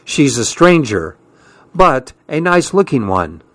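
A man narrating a first-person story from a script in a calm, measured way. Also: medium pitch, no room sound. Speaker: audiobook narrator.

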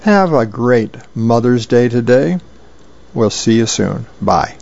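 Man volunteer reader, easygoing storytelling, gravelly voice, muffled sound. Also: mid-range voice, animated, slow, darkish tone. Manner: easygoing, plain storytelling with fillers. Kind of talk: reading comic strips aloud.

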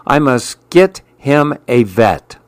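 Storybook loner, a grumpy, fussy man who wants everyone gone, exclaiming and insistent, as a man reading aloud puts him on; unhurried delivery, dry close sound. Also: mid-range voice, lively intonation, clear, resonant tone, no room sound. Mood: frantic.

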